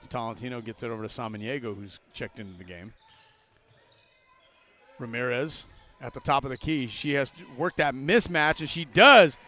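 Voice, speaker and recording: An older man doing live play-by-play for a college basketball game, jokey and excitable, with loud calls on big plays. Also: medium pitch, normal speed. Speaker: play-by-play commentator. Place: courtside broadcast booth in a gym.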